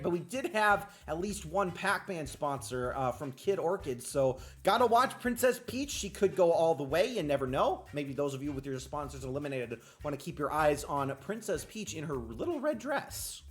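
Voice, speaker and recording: A man with a Wisconsin accent hosting a live-streamed tournament, chatting with viewers and calling the matches play by play, getting excited as the action builds. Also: sits high. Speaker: tournament host and commentator.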